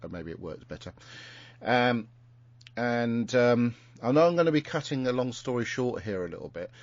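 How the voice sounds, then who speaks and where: A man's voice: medium pitch, expressive, moderate pace, dry recording. A man hosting a podcast, casually recapping an episode in a rambling way with lots of fillers and restarts. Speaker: podcast host. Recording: muffled lo-fi recording.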